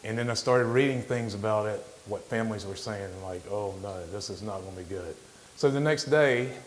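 A middle-aged man giving an informal sermon as a guest speaker, plainspoken, halting, with frequent restarts. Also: lowish voice, a little hiss or hum, low-quality recording. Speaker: guest lay preacher.

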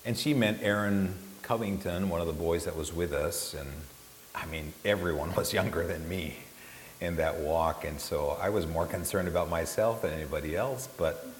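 A man telling an animated, self-mocking story about a grueling trek to an audience. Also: low voice, moderate pace. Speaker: storyteller recalling a trip. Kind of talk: spoken anecdote to an audience. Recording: echoey hall, faint hiss.

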